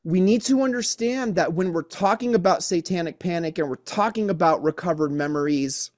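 A man hosting a podcast in casual chat, earnest and often repeating himself, saying "man" a lot. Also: on the high side. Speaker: podcast host.

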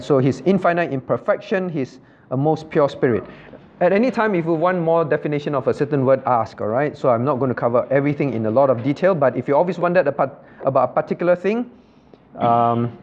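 Repetitive, questioning pastor with a slightly high voice. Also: male voice, a little mellow. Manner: repetitive, asks the class questions, loose non-native grammar. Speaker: pastor teaching a class. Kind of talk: interactive Bible study lecture. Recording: dull low-fidelity room recording with faint background noise.

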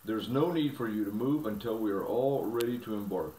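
A man voicing an excitable male fawn who talks in an eager, breathless rush, for a storybook reading. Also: on the low side, fairly quick, a little hiss or hum, close to an everyday voice. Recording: roomy, from a distance.

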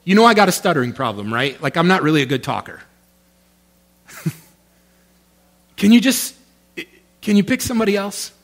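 A man's voice: high voice, big pitch swings, normal speed, long pauses, fairly bright tone, pitched below the performer's own voice, full character voice. A man voicing a reluctant, self-doubting Moses who pleads to be let off, acted out in a sermon. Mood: pleading.

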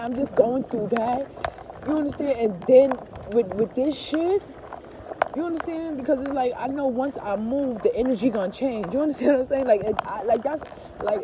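A woman talking casually to her viewers in a rambling vlog, cursing freely and constantly asking if they understand, recorded outdoors by a street. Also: fairly high pitch. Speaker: vlogger. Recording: street noise behind the voice. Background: passing traffic and car engine noise.

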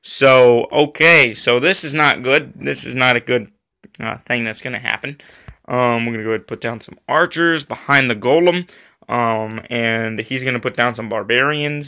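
A man's voice: medium pitch, pushed and bright, clean tone. A man giving casual gameplay commentary as a video host, rambling with frequent ums and uhs and getting irritated at lag. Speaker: gaming YouTuber.

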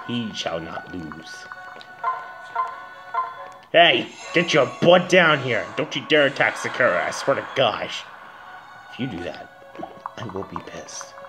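A man casually commenting while playing a video game, excitable and swearing freely. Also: medium pitch. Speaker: let's play host.

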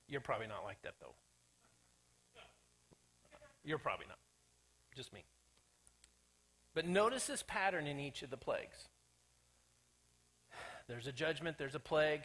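A male pastor delivering a lively sermon, his voice sitting high and bright. He jokes with the congregation and slips into little acted voices for the characters he quotes. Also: moderate pace, pauses often. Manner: animated, acts out quoted characters, jokey asides. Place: church sanctuary.

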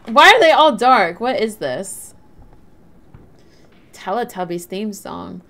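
A woman's voice: mid-range voice, lively intonation, slow, bright, forceful tone. A woman live-streaming a game, chatting casually, rambling and reading out and answering her chat. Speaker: livestreamer.

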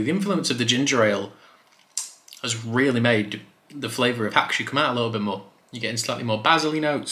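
A man casually reviewing a whisky for his video channel, chatty and relaxed with loose fillers. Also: mid-range voice. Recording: roomy echo.

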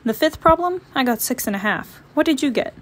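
A woman's voice: high voice, lively intonation, a little fast, voice pushed up. A woman voicing a young boy bear cub in a storybook read-aloud. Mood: curious.

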